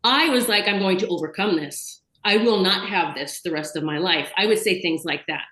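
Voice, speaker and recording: A woman's voice: lowish voice, normal speed, bright, forceful tone, echoey room, low-quality recording. A woman hosting a casual video chat interview, chatty and enthusiastic, talking in long run-on bursts over a video call. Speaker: host.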